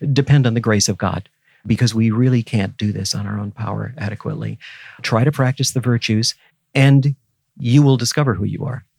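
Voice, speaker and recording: Gravelly older man, earnest and teacherly. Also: medium pitch, darkish tone, no echo, studio quality. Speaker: guest scholar. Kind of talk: reflective interview conversation.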